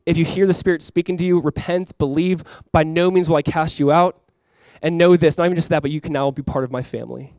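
A man's voice: a little high, fairly even intonation, quick pace, few pauses, a little mellow, no echo, studio quality. A young man preaching a sermon to his church as pastor, earnest and conversational, with many fillers.

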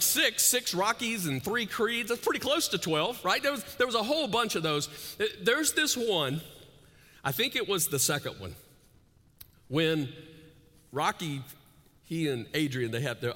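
A man preaching a sermon, his voice bright and pitched a little high for a man. He rises to soaring intensity, drops to hushed asides, and keeps checking in with "right?". The sound rings out with a long reverb in a big church hall. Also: sing-song, moderate pace. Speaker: pastor. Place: large church auditorium with several sites. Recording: echoey hall.

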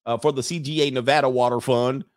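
A man's voice: mid-range voice, fairly even intonation, fast talker, dry recording, clean studio sound. A man hosting a casual livestream, reading viewer messages, joking, laughing often and mimicking people.

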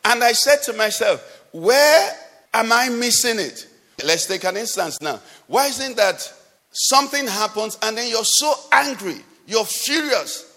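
A man's voice: high-pitched, animated, measured pace, bright, forceful tone. A man preaching a sermon, asking the congregation rhetorical questions with emphasis. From Nigeria. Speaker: pastor. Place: church hall. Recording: long hall reverb.

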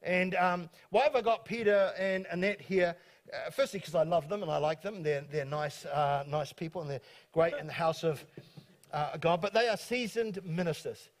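A man pastor hosting a church talk from the stage, speaking quickly and excitably with many stumbling restarts. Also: a little high. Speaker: pastor and host. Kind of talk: church talk introducing guests.

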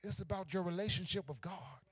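A pastor preaching a sermon, swinging from hushed asides to shouted climaxes. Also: male voice, high-pitched, brisk, slightly rough.

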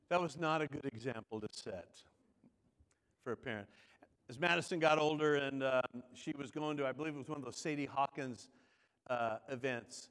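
A middle-aged man with a slightly high, somewhat bright voice preaches a sermon as a pastor. He tells stories conversationally and puts questions to the congregation. The recording carries a long hall reverb.

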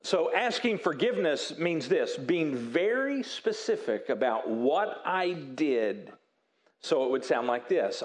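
A man preaching a sermon in an earnest, emphatic way with dramatic pauses, dropping to a soft voice when he acts out quoted apologies. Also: mid-range voice, lively intonation. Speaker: pastor.

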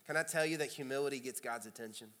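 A pastor with a Kentucky accent preaching a sermon in a conversational way, with loud emphatic bursts. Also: male voice, mid-range voice, quick pace. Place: large church sanctuary. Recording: long hall reverb.

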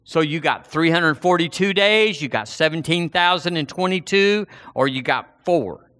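A man's voice: on the high side, moderate pace. Folksy preacher in his sixties. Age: 60s. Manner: folksy and animated, acting out dialogue. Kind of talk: sermon.

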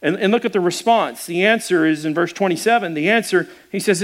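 High-voiced pastor preaching animatedly. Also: male voice, a little fast. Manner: animated storytelling with acted-out quotes; conversational, stumbling restarts. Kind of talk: sermon.

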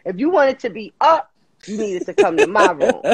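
A woman hosts a podcast with a high, bright-sounding voice. She tells a rowdy story with whoops and cursing, acting out her friends. Crowd noise sits clearly in the background. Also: big pitch swings, moderate pace, poor audio. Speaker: podcast host. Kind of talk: animated storytelling chat.

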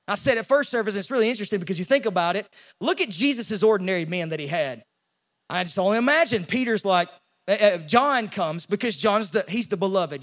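A male pastor, preaching a sermon in an animated way and acting out the voices in the story. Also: sits high, brisk. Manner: animated, acts out quoted voices, repeats words when he restarts.

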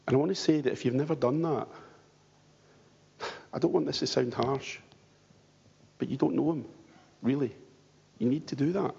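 A pastor preaches at a moderate pace with frequent pauses, his mid-range voice gravelly, darkish and a bit breathy. He asks the congregation rhetorical questions in an earnest, pleading way, recorded dully and lo-fi in a reverberant church hall.

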